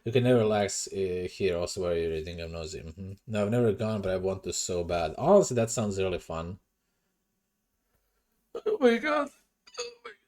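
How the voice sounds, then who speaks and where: A man's voice: low voice, fairly quick, few pauses, warm tone. A young man streaming from home into a desk mic, chatting casually with his viewers, swearing and sounding self-conscious. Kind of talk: casual livestream chat. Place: home room. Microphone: desk microphone.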